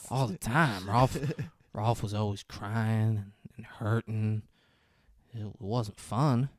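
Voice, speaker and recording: A man with a lowish voice speaks extremely slowly and pauses often, recorded at studio quality with no room sound. As a podcast co-host, he casually retells a film scene and acts out the characters' lines with laughs.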